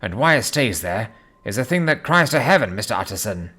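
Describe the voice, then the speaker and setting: A man voicing an anxious, loyal older male butler who speaks in an urgent, hushed and fearful way. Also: on the low side, big pitch swings, fairly quick, slightly rough, exaggerated voice.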